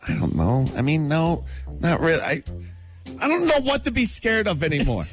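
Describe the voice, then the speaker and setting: Lively male radio co-host. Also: on the high side, moderate pace, faint music behind. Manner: animated, laughing, self-deprecating. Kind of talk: casual radio banter.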